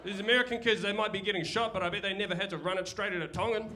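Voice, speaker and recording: A man's voice: high-pitched, fairly even intonation, very fast, background noise. A young man with a New Zealand accent doing a crude, rambling, self-deprecating stand-up set. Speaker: stand-up comedian. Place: comedy club stage. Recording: live club recording with audience laughter. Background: audience laughter.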